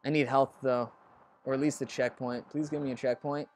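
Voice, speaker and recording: Guy doing casual lets play commentary, rambly and chatty, cusses at the game sometimes, middle pitch, faint music in the back. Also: steady tone, a little fast. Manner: chatty and rambling, curses under his breath at the game. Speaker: let's play host.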